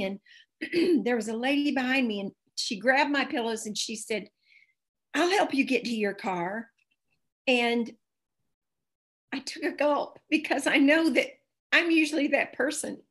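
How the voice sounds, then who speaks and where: A woman with a fairly high voice shares earnest, animated stories as a guest. She talks casually and warmly. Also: measured pace. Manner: earnest, animated anecdotes with acted quotes. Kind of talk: casual storytelling.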